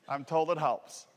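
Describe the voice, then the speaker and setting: Canadian guy doing a jokey safety talk, kinda high voice, big echoey hall. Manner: folksy and joking, lively delivery. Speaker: safety speaker. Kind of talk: motivational talk.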